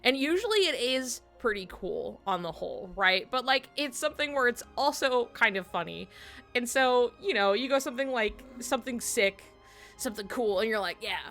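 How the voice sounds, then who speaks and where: Her voice leans high and moves at a normal pace as she casually chats over a video game stream at home, telling stories full of giggles. Faint music can be heard behind her.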